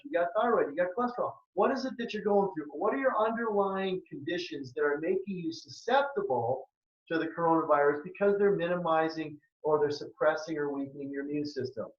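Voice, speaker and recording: A man's voice: sits high, roomy sound, dull audio. A man in his sixties from southern Minnesota, a health practitioner giving an earnest, emphatic webinar talk that repeats its key points. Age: 60s. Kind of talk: presentation with a sales pitch.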